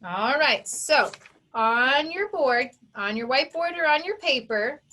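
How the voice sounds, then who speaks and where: A woman teaching a phonics lesson to young children, who sounds out each sound and syllable with slow, careful emphasis. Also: high-pitched, lively intonation, pushed and bright. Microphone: recorded for an online video lesson.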